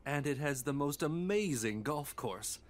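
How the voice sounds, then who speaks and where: A woman's voice: low-pitched, expressive, measured pace. A woman voicing an enthusiastic resort guest in a scripted textbook advert, stressing key words.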